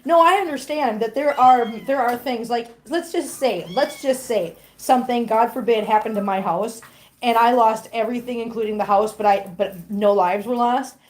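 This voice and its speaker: A middle-aged woman with a fairly high voice chats at a moderate pace on a casual livestream, answering viewer comments aloud. Her kittens get plenty of cooed baby talk.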